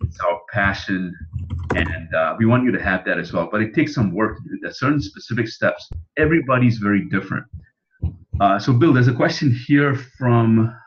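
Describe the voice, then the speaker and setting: Man, earnest coaching host, a bit low. Dull lo-fi audio. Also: normal speed, slight background noise. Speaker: webinar host and speaker trainer. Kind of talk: webinar presentation.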